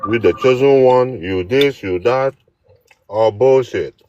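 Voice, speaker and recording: A man's voice: medium pitch, slow pace, a little mellow, a little hiss or hum. A man joining a livestream, arguing in an accusatory, insistent way. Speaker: livestream guest. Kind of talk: heated argument. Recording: dry, dull lo-fi call audio.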